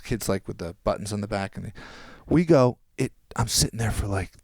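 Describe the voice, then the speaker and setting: A man, a podcast guest, telling a long anecdote in casual chat and quoting people in quick voices. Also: lowish voice, lively intonation, creaky, crowd noise.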